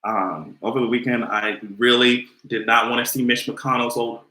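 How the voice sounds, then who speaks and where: A young man chatting casually on a livestream, sassy and animated, with frequent cursing. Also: medium pitch, moderate pace. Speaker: vlogger hosting a livestream. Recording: roomy echo.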